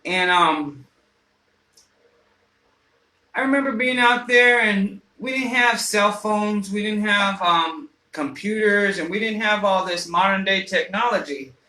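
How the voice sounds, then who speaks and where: A man with a high, bright voice tells a rambling, foul-mouthed personal story at a slow pace, full of fillers and restarts. He comes across like a radio host chatting loosely. The room is roomy and echoey.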